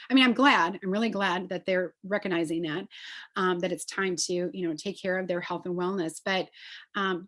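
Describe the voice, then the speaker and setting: Enthusiastic chatty woman presenter. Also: mid-range voice. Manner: enthusiastic, chatty, many fillers. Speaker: essential oils presenter. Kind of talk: live online class.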